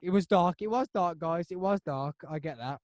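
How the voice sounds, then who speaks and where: A man hosting a podcast, telling a story in a rambling, animated way with lots of restarts. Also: high voice, normal speed, no echo, clean studio sound. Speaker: podcast host. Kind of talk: casual chat.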